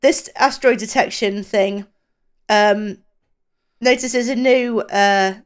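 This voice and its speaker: A woman co-hosting a podcast, describing a book in casual chat and often pausing to find her words. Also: a little high, steady tone, smooth. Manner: hesitant, with many pauses and fillers. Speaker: podcast co-host.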